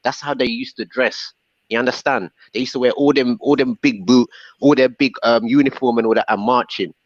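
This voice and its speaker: A man's voice: medium pitch, fairly even intonation, brisk, no echo, muffled recording. A man in a heated casual debate on a podcast, cutting in and repeating himself to hold the floor. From Jamaica. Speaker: podcast co-host.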